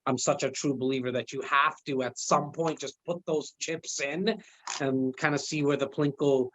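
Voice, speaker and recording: A man's voice: medium pitch, fairly even intonation, moderate pace, a bit bright, dry recording. A man hosting a podcast interview, friendly and appreciative, with light jokes. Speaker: podcast host. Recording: dull lo-fi sound, dry.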